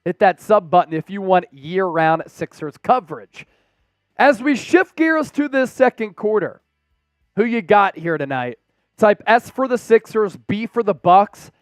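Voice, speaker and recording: Young male stream host, high voice, dry close sound, hyped play-by-play over faint music. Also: unhurried, dry recording. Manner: energetic, breaks into excited shouts and chants. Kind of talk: live play-by-play and chat shout-outs.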